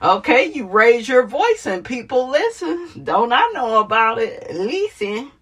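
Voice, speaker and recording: A woman hosting casual celebrity gossip commentary in a sassy, animated way, laughing often and calling viewers honey. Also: a little high, unhurried.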